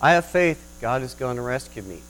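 A man voicing a stubborn, devout preacher who calmly refuses rescue in a flood story. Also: mid-range voice, fairly quick, slight background noise, lightly acted, poor audio. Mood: serenely stubborn. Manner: calm, firmly confident refusals.

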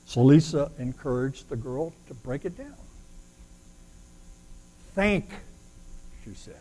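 A man preaching a sermon as a pastor, pressing his points with loud declarations and then dropping to quiet asides. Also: medium pitch, normal speed, low-quality recording.

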